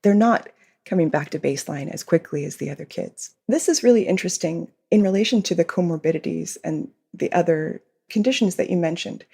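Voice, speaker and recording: A woman with a gravelly, husky edge to her voice talks through ideas as a podcast guest. She explains patiently and breaks into small giggles now and then. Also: fairly low pitch, brisk, mellow. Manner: explanatory, giggles often while talking. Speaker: behavior consultant and author, guest. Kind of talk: podcast interview.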